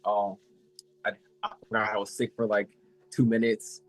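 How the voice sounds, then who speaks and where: An eighteen-year-old man chatting casually as a collector guest, halting and filling every pause with "like". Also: fairly low pitch, completely flat delivery, no room sound, low-quality recording. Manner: halting, fills with "like" a lot. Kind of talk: casual chat.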